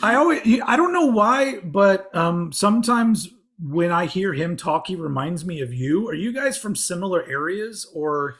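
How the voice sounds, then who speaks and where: A man's voice: sits high, lively intonation, unhurried, hardly any pauses, fairly bright tone. A man co-hosting a podcast in casual chat, rambling, trailing off and making self-mocking jokes. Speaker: podcast co-host.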